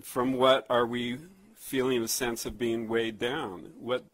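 Man preaching a relaxed conversational sermon. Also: mid-range voice, rough recording. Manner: conversational storytelling with many restarts; slow, emphatic scripture reading. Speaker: pastor.

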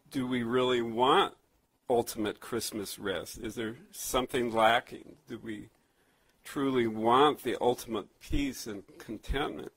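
A man preaching a sermon, telling a childhood story and reading scripture slowly, with frequent restarts and fillers. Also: medium pitch, a bit bright, husky, no room sound, low-quality recording. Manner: conversational storytelling with many restarts; slow, emphatic scripture reading. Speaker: pastor.

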